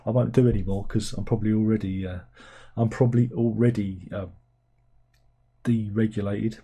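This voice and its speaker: A man with a very dark, mellow and husky voice hosts a casual film review. He rambles sardonically through viewer comments and jumps into incredulous, high-pitched disbelief. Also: fairly even intonation, normal speed. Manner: rambling, sardonic, breaks into incredulous squeaky outbursts.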